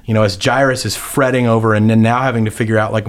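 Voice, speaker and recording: A man with a somewhat low voice talks through a Bible story in relaxed conversation. He circles back on his words, restarts sentences and slips into acting out the people in the story. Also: quick pace, smooth. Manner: rambling, many restarts and fillers, acts out quotes. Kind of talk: casual Bible discussion.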